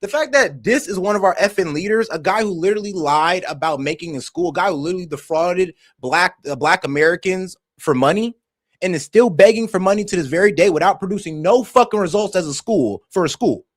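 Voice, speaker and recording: A young man hosting a reaction stream, passionate and swearing, swinging between heated outbursts and calming down. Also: high voice, brisk, no room sound, clean studio sound. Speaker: stream host reacting to videos. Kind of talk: heated casual commentary.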